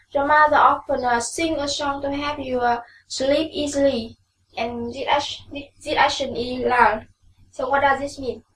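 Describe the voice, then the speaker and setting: A woman with a Vietnamese accent teaching English vocabulary in a classroom, repeating each word slowly for pronunciation. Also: sits high, reverberant, far from the mic, slight background noise, poor audio. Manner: slow, drilling words with repeated pronunciation.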